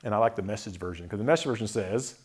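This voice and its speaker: A man giving a reflective talk on faith, thoughtful, often chuckling softly and listing words slowly. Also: lowish voice, husky.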